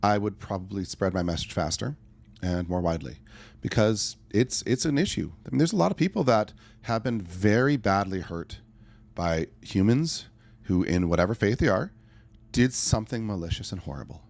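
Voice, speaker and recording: A man's voice: lowish voice, lively intonation, moderate pace, creaky, a little mellow. A middle-aged man talking earnestly as a podcast guest, telling stories with acted-out asides. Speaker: podcast guest, life coach. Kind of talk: conversational interview answer.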